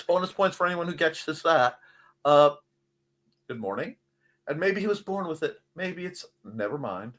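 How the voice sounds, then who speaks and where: A middle-aged man hosting a casual livestream, reading chat comments in a rambling, jokey way with a slightly hoarse voice. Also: fairly high pitch, normal speed, long pauses. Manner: rambling, jokey, animated asides. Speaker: livestream host.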